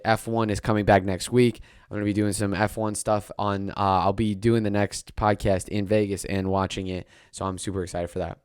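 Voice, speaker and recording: A young man hosting a casual solo sports podcast, rambling and excitable, often restarting his sentences. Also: fairly low pitch, clean tone, no echo, clean studio sound.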